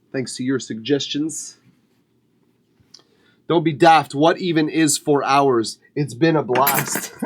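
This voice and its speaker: A man's voice: mid-range voice, a little hiss or hum. A man hosting a music feedback livestream, chatting casually and swearing freely while he eats. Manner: relaxed, chatty, swears casually, laughs often. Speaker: music feedback stream host. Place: home studio.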